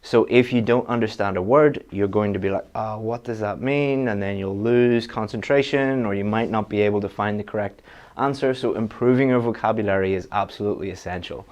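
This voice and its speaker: A man's voice: fairly low pitch, fairly quick, a little mellow, dull audio. A man giving a direct, practical online exam-prep lesson, with frequent restarts. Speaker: IELTS teacher.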